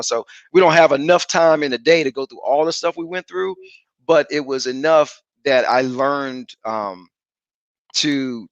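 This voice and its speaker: A man's voice: mid-range voice, fairly bright tone, dry recording. Middle-aged guy talking about his kids, earnest, lots of ums, dull dry call audio. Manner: earnest, reflective, halting with fillers. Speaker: guest, father of seven. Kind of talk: casual interview talk.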